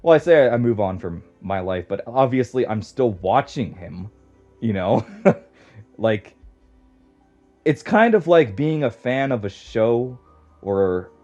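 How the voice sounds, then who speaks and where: A man's voice: mid-range voice, animated, measured pace, pauses often, darkish tone, soft background music. A young man rambling casually as a podcast guest, swearing often and filling his talk with "like.". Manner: rambling, swears a lot, heavy use of "like". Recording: dull lo-fi audio.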